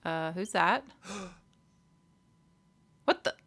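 A woman giving chatty, excitable commentary while playing a video game. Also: fairly low pitch, drawn-out words. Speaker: let's play gamer. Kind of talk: casual gameplay commentary.

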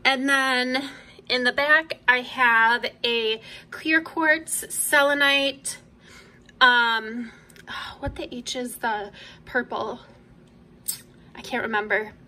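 A young woman, chatting casually and enthusiastically as she shows off her collection at home, sometimes dropping to soft asides. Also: fairly high pitch, slow, long pauses. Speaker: vlogger. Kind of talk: casual show-and-tell. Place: home room.

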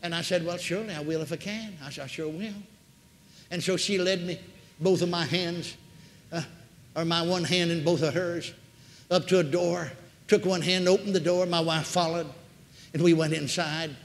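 A man preaching a storytelling sermon, swinging dramatically between hushed and loud delivery. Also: a little high, fairly even intonation, normal speed. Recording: echoey hall.

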